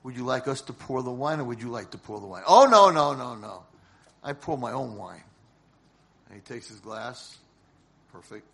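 A man giving a sermon as a rabbi, telling a story dramatically and swinging from hushed lines to shouted ones. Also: mid-range voice, normal speed, pauses often.

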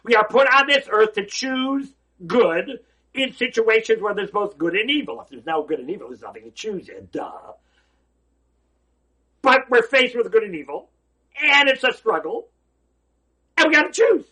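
Animated, husky-voiced male storyteller. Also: high-pitched, moderate pace, pauses often. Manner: animated, repetitive, stammering storyteller. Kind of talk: storytelling lesson.

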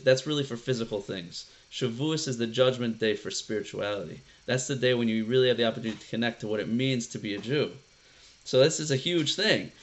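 A man teaching a casual lesson who talks conversationally, quizzes his class and tells stories with animation. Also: medium pitch. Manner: conversational, asks the class questions, animated storytelling.

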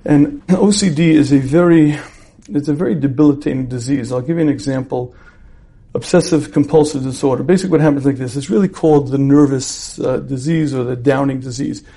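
A man's voice: mid-range voice, a little fast, mellow, breathy edge. A man teaching a religious class in a conversational way, posing rhetorical questions and acting out everyday scenes. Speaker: Torah teacher. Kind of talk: lecture on repentance.

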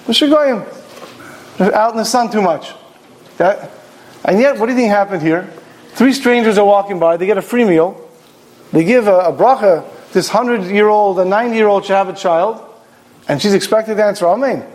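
Animated high-voiced male Torah teacher. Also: fairly quick. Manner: animated storytelling, acts out quoted voices. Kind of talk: Torah class lecture.

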